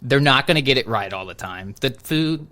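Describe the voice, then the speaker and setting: Bright-voiced man telling a story. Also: mid-range voice, moderate pace. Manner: animated storytelling, acts out quoted exchanges; says "dude" and "bro" a lot. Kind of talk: casual chat.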